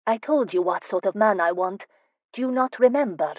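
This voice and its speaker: A woman narrator voicing a spirited, teasing young woman in an audiobook, speaking with lively, emphatic delivery. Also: mid-range voice, normal speed, no room sound, phone-quality sound, pitched above the performer's own voice, natural voice. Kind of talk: audiobook character voice.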